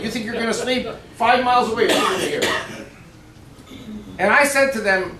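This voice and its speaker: A man's voice: high voice, sing-song, moderate pace, sharp tone, slight background noise. A man speaking as a guest lecturer to a club audience, emphatic and conversational, often putting questions to the listeners. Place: banquet room of a shooting sports store. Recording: echoey room, far-off mic, faint ambience.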